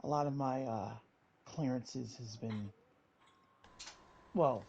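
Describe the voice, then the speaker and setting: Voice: medium pitch, slow pace, darkish tone, lo-fi sound, slight background noise. A game master narrating a tabletop game, switching between narration and character lines.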